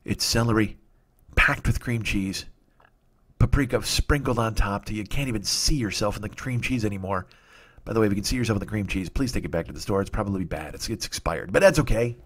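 A man's voice: fairly low pitch, a little fast. A man in his forties hosting a comedy podcast, delivering a rambling, profane, nostalgic comic monologue. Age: 40s.

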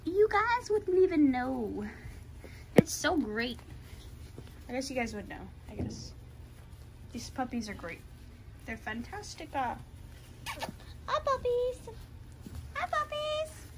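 Lady gushing baby talk at puppies, high voice all over the place, noisy pen. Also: lively intonation, a little slow, pauses often. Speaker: dog breeder vlogger. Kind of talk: casual chat with puppies. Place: puppy pen with dogs.

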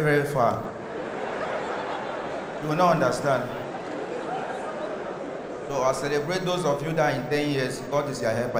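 A man does stand-up with a slightly raised voice. His talk is chatty, then rises into loud, excited bursts. Audience noise and a long hall reverb surround him. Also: fairly high pitch. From Cameroon. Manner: conversational, building to loud excited peaks. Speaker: stand-up comedian. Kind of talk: stand-up comedy routine. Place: live comedy stage in a large hall. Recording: echoey hall with a live audience.

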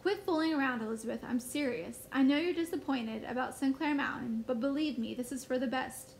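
A woman's voice: high voice, fairly quick, gravelly, a little hiss or hum, low-quality recording. A woman teacher reading aloud as an anxious mother who urgently insists on being heard. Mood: insistent. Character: anxious mother shaken by a dream.

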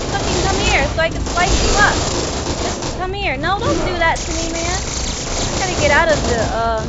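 A woman streaming a shooter game, chatting casually with viewers and cursing loudly at opponents. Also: high-pitched, background noise. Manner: profane, quick to anger, talks to chat and game. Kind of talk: casual gaming livestream chat. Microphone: desk mic. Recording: dull lo-fi mic with game music.

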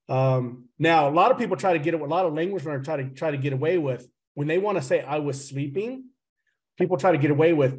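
A man teaching a language class over a video call, with a fairly high voice. He teases his students, calls them "guys," and breaks up grammar points with jokes. The sound comes through a home computer mic. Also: fast talker, a little mellow. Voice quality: teasing, joking, addresses the class as "guys".

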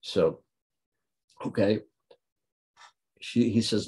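A deep-voiced man speaks to a gathering as a guest speaker. He tells a funny story in a dry, deadpan way, letting the jokes land on their own. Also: unhurried. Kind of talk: humorous anecdote at a talk.

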